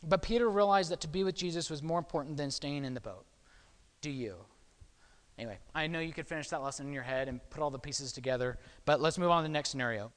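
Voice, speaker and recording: A man's voice: on the high side, quick pace, fairly bright tone, clean tone, in a large hall. A man preaching a sermon in a conversational way, often checking in with his listeners. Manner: conversational, frequent "okay?" check-ins.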